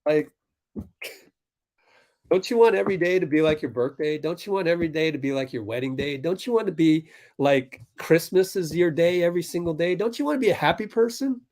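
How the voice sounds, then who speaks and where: A man hosting a fan livestream, calling the game live and ranting back at viewers in chat, swinging between fired-up outbursts and low muttered play-by-play. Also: a little fast, darkish tone. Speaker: livestream host.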